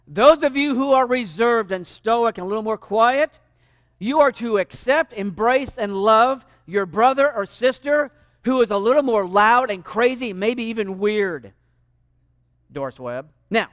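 High-voiced man preaching a lively sermon. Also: unhurried, no echo, clean studio sound. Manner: animated, varies loudness for emphasis. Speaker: pastor. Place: church sanctuary.

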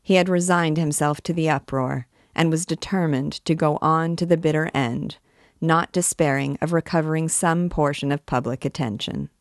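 A woman reading a classic novel aloud in a measured, expressive way as a guide to the book. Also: deep voice, no echo, studio quality.

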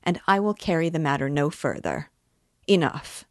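Woman reading a pompous, condescending gentleman. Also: sing-song, moderate pace, no room sound, studio quality. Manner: condescending, wordy, later shrill and indignant. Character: pompous self-righteous middle-aged man.

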